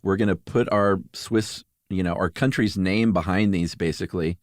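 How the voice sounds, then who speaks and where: Deep-voiced easygoing male podcast host. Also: steady tone, moderate pace, dry recording, clean studio sound. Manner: easygoing, chuckling, fillers. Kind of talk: casual chat.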